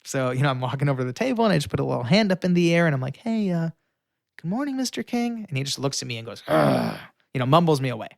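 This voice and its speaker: A young man telling a story with lively energy, filling it with fillers and acting out the voices of the people in it. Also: mid-range voice, very fast, creaky, few pauses, no room sound, clean studio sound. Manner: acts out quoted voices, shouting and pleading; frequent fillers. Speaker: guest storyteller. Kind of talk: animated storytelling.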